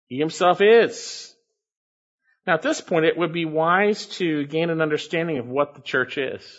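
A man's voice: brisk, lo-fi sound. Emphatic man preaching a sermon. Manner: emphatic, repeats key phrases, swings between loud stresses and low asides. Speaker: pastor. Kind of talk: expository sermon.

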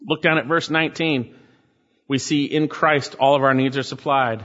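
A man's voice: mid-range voice, fairly even intonation, normal speed, a bit bright. A male pastor preaching a sermon and explaining scripture, with big swells and drops in emphasis. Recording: muffled sound with a long hall echo.

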